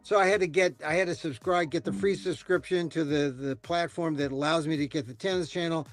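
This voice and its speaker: Man, casual podcast host, fairly high voice, rambling, faint music behind. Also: fairly quick. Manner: rambling, animated, many restarts. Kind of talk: casual chat.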